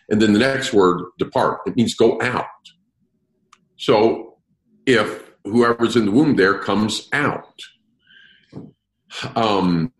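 A man leads a lively, interactive Bible study, explaining verses and putting questions to his group. His voice is on the low side, and the low-quality recording has a roomy sound.

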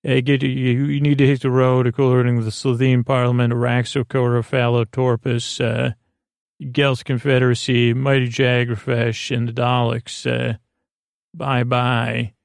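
A man hosting a sleep podcast, recapping an episode in a rambling, hesitant way with many pauses. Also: medium pitch, little pitch movement, gravelly, clean tone, no room sound, clean studio sound. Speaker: podcast host.

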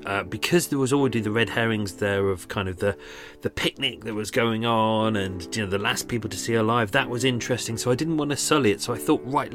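Slightly winded, a male true crime podcast host rambles through unscripted narration, full of fillers and false starts. His somewhat low voice has a fairly bright tone.

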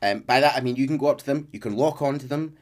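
A man's voice: medium pitch, fast. A man hosting a podcast, recapping a video game's story in a chatty, casual way with fillers. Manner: chatty with frequent fillers and laughs. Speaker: podcast host. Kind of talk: casual lore recap chat.

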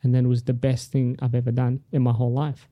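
Comedian guy telling a story on a podcast, deep mellow voice, animated, dry close sound. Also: fast, no echo. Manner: animated storyteller who acts out other people's lines. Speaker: comedian guest. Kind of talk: casual storytelling.

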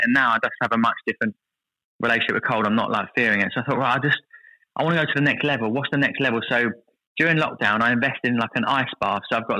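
A man in his thirties telling lively stories as a podcast guest, acting out what others said. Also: medium pitch, low-quality recording. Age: 30s. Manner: lively anecdotal storytelling, voices others in quotes. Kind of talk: casual podcast chat.

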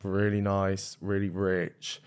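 Young man, lowish voice, podcast co-host, chatty storyteller, casual chat. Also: level tone, slow pace, clean tone. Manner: chatty storyteller recounting anecdotes.

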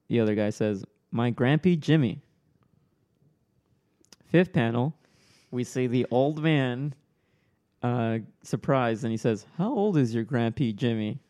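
Mellow-voiced man hosting a casual chat. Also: mid-range voice. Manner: describes panels, reads dialogue aloud. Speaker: podcast host reading comics.

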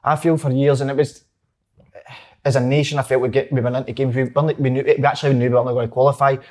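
A man's voice: mid-range voice, little pitch movement, fast, a little mellow. A Scottish man with a Scottish accent hosting a casual football chat, emphatic and given to swearing.

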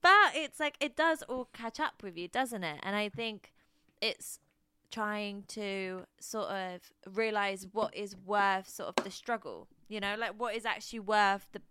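Bright, excitable young woman podcaster. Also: medium pitch, unhurried, clean tone, no echo. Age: 20s. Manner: excitable, laughs often, rambling. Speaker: podcast co-host. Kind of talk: casual chat.

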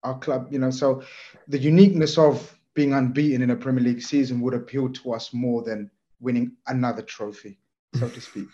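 A man chatting as a podcast guest, telling stories in an animated, rambling way. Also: medium pitch, fairly quick, lo-fi sound. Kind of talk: casual football chat.

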